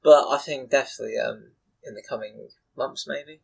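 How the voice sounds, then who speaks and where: A man's voice: mid-range voice, fairly even intonation, normal speed, vocal fry, poor audio. A young British man co-hosting a casual podcast chat with friends, explaining at length with plenty of ums and uhs. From United Kingdom. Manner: chatty, hesitant with many fillers, explains at length. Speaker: podcast co-host.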